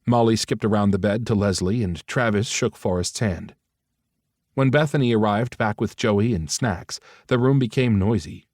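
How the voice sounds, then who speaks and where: A man narrating an audiobook in a measured, even storytelling manner. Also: lowish voice, no echo. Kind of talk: scripted narration. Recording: dry close studio mic.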